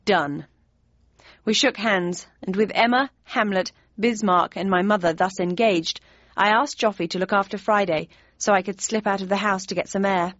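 A woman's voice: mid-range voice, moderate pace, fairly bright tone, dry recording, lo-fi sound. A woman reading a novel aloud as narrator, in a dry, wry first-person storytelling manner. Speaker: audiobook narrator. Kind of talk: scripted narration.

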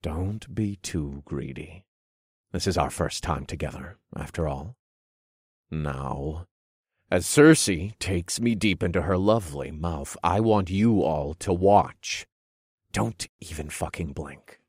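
A man's voice: deep voice, expressive, slow, darkish tone, breathy edge, no echo, studio quality, exaggerated voice. A man voicing a domineering warlock who leads a coven, giving growled commands in an erotic audio story. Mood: commanding.

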